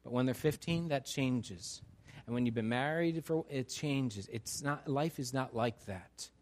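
A man preaching a sermon in a church, animated, acting out the voices of people he quotes. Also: medium pitch, a little slow. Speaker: pastor. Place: church sanctuary.

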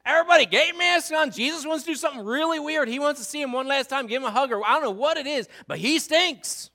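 A man's voice: extremely high pitch, quick pace, bright, forceful tone, pitched above the performer's own voice, full character voice. A man voicing a flustered, exasperated biblical woman who pleads in frantic, comic modern slang.

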